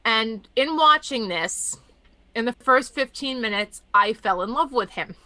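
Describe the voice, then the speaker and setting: High bright-voiced woman chatting. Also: measured pace, no room sound. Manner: animated storyteller acting out quotes. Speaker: podcast host. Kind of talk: casual chat.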